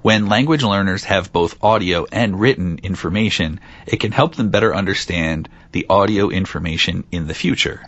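A man's voice: low voice, normal speed, few pauses, a bit bright, dry recording, muffled recording. A man hosting a casual podcast, reading out facts and teasing his co-host with frequent laughs.

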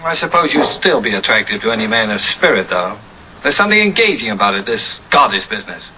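A man's voice: on the low side, big pitch swings, quick pace, pushed and bright, dull audio, exaggerated voice. An actor playing a suave, scornful man in a 1940s film scene, with a clipped transatlantic delivery. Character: suave, scornful man lecturing a proud woman. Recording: old film audio with faint noise.

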